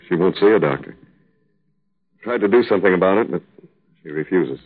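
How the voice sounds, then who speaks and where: A man's voice: deep voice, lively intonation, normal speed, breathy edge. An actor playing a grieving young husband in a 1950s radio drama, earnest and tender as he pleads with his wife. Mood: somber. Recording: tinny old radio broadcast.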